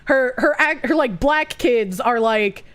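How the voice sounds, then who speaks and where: A young woman streamer giving casual movie commentary, rambling and animated, with many fillers and restarts. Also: high-pitched, a little slow.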